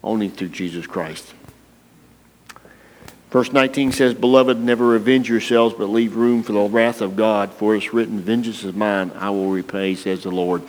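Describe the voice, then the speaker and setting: A man's voice: lowish voice, a little mellow. Preacher guy joking with his congregation, voice ringing around a big hall. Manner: folksy, playful, talks to the congregation by name. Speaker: pastor. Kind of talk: sermon. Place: church. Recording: long reverb of a church hall.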